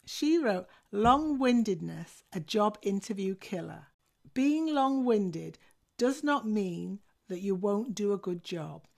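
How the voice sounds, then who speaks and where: Woman, career coach, instructional talk, gravelly, clear and methodical. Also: mid-range voice, expressive. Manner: clear, measured, methodical delivery.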